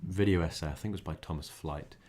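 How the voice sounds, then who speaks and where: A young man co-hosting a podcast, soft-spoken and a bit mumbly in casual chat. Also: sits low, fast talker, slight background noise. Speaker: podcast co-host.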